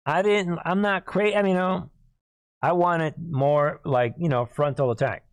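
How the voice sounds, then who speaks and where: A hoarse man hosting a political commentary monologue, emphatic, repeatedly clearing his throat and calling out to listeners as "people". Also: on the high side, a little slow, no echo. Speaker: host.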